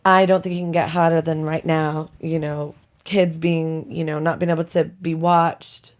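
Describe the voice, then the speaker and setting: Speaking into a home podcast mic from her bedroom, a middle-aged podcast host chats casually, pokes fun at herself and laughs a lot. She has a low-pitched voice, a flat delivery and a moderate pace.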